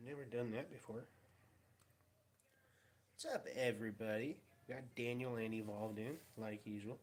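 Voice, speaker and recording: A man's voice: mid-range voice, moderate pace, pauses often, a little hiss or hum. A man chatting casually in a vlog, telling wry, rambling stories about his day. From Pacific Northwest of the US. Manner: rambling, wry storytelling with mocking voices. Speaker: vlogger.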